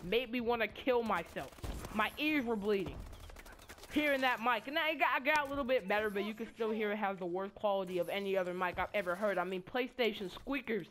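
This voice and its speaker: A woman's voice: medium pitch, brisk, fairly bright tone, slight background noise. Rambling, cursing teenage girl. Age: teens. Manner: rambling, stammering, profane. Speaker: student vlogger. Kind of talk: casual storytelling while gaming.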